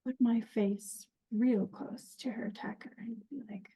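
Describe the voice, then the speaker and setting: A woman playing a tabletop role-playing game, describing her moves slowly and hesitantly. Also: a little high, fairly even intonation, warm tone, breathy edge, low-quality recording. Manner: slow, hesitant, thinking aloud. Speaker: player. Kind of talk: casual game table chat.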